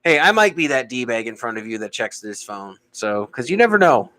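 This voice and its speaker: A man co-hosting a podcast in casual chat, joking and laughing often with quick asides. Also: medium pitch, big pitch swings, pushed and bright, dry recording. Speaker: podcast co-host.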